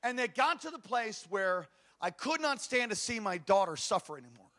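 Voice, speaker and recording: A middle-aged man from Hawaii, preaching a sermon as a pastor, telling a story with passion and swinging from hushed tones to shouts. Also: high-pitched, expressive, normal speed.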